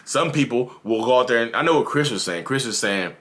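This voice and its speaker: Speaking fairly quickly in an expressive, medium-pitched voice with a fairly bright tone, this channel host from North Carolina offers casual advice. His Southern drawl carries an earnest, repetitive manner as he talks to his viewers.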